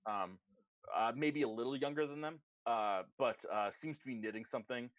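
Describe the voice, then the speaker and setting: A man narrating as game master in an online tabletop game, animated and quick to put on voices. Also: mid-range voice, no echo.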